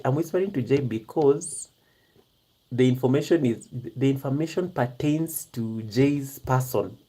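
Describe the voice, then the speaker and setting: Hushed giggly streamer, mellow tone, talking to chat. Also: medium pitch. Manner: hushed half-whisper, giggly, chatty; talks straight to viewers in the chat. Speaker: live-streaming YouTuber. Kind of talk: casual live-stream chat.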